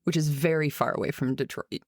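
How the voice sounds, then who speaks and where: A woman from the Midwest hosts the conversation in a notably low voice, friendly and a little self-deprecating as she guides things back on topic. Her voice sits dry and close on the mic. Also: steady tone, fairly quick, no echo. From Midwest, United States. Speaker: podcast host. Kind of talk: interview conversation.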